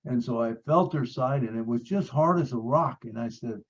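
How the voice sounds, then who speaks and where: A man's voice: mid-range voice, normal speed, slightly rough, highs cut off. A man sharing a personal story on a video call, earnest, repeating phrases, with many fillers. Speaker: support group member.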